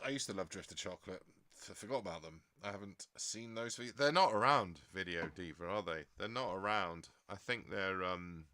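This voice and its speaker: A man's voice: fairly low pitch, pushed and bright, no room sound. Rambling English man in a dry close mic. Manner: chatty and rambling, laughs often. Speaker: livestream host. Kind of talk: casual chat reading viewer comments.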